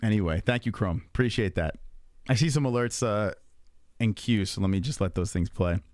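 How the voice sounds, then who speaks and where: A young man hosting a casual livestream, talking in an animated, profane way and laughing often. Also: lowish voice, normal speed, no echo, studio quality. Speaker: livestream host.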